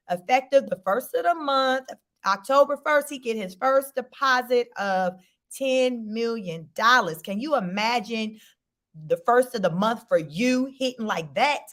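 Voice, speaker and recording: A woman hosts a live stream into a desk mic. Her voice sits a little high, and she talks in an animated, chatty way, laughing between lines. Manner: chatty, animated, laughs often, says "child" and "y'all". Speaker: host. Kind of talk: casual live-stream commentary.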